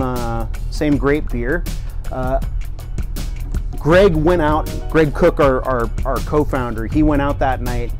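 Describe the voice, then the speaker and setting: A man from California, a brewer, talking casually about a beer while tasting it, relaxed and full of filler sounds. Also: mid-range voice.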